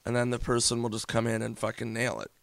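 A man with a gravelly, creaky voice tells stories loosely, peppered with swearing and fillers. His voice sits at an average pitch, recorded close and dry. The tone is a relaxed guest chat. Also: fast, no echo. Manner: loose, profane, filler-heavy storytelling. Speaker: guest comedian and actor. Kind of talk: casual interview chat.

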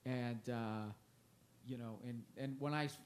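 At a festival interview, a comedian in his forties talks a little slowly in a mid-range voice with fairly even intonation. The casual chat is loose and rambling, full of self-mockery and swearing.

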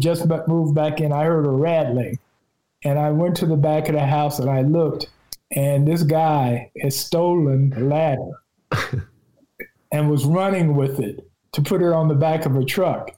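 A man's voice: on the high side, unhurried, dark tone, poor audio. A man appearing as a journalist guest in a casual podcast conversation, telling rambling stories with many restarts.

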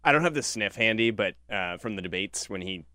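A man appearing as a guest journalist on a political talk show, speaking quickly and offhandedly. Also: lowish voice, lively intonation, pushed and bright, no room sound, clean studio sound.

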